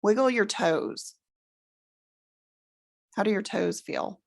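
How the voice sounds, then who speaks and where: Calm, slow woman with a gravelly voice. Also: medium pitch. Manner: slow, calm, soothing instructions. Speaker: speaker leading a guided exercise. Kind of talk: guided relaxation exercise. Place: presentation room with an audience.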